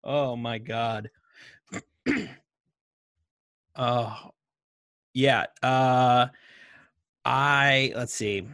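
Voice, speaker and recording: A man's voice: medium pitch, fairly even intonation, extremely slow, pauses often, fairly bright tone, no echo, studio quality. A man co-hosting a casual movie chat who laughs often and mimics voices animatedly. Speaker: podcast co-host.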